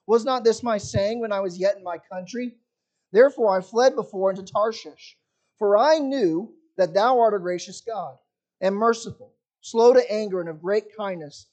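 High-voiced preacher man, muffled recording. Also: a little mellow. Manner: dramatic preaching, rising and falling sharply in volume. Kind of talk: sermon.

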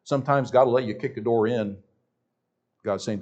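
Emphatic Southern pastor preaching. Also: male voice, on the low side, fairly even intonation, a little fast, a little mellow, dull audio. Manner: emphatic, repeats phrases, stumbles on restarts. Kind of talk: sermon.

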